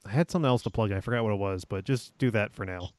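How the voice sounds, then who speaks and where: A man's voice: lowish voice, very fast, no room sound, studio quality. A man co-hosting a casual podcast, talking hesitantly with many fillers. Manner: hesitant, lots of fillers, laughs along. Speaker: podcast co-host. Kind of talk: casual chat.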